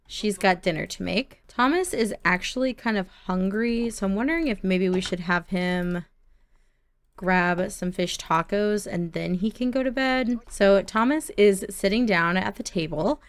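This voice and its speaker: A woman hosting a gaming channel, chatting casually and reacting aloud as she narrates her gameplay. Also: medium pitch.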